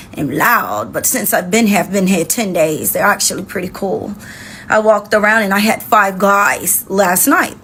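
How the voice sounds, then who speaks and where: A woman's voice: mid-range voice, a bit bright. Woman, chatty, rambling, casual, faint background noise. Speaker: tourist. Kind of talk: casual chat.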